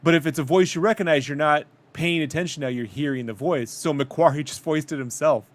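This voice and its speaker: A man's voice: on the high side, brisk. A man co-hosting a casual podcast chat, rambling and swearing as he retells stories and quotes people. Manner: swearing, rambling, quotes others in animated bursts. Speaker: podcast co-host.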